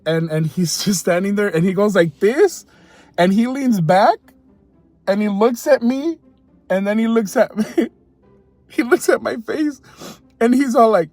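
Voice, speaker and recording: A man with a high voice tells a story in a loose, chatty way, breaking into laughs and doubling back on his words. The recording is dry and close, with no room sound. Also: no echo. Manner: chatty, laughs often, repeats himself. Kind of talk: casual storytelling to camera.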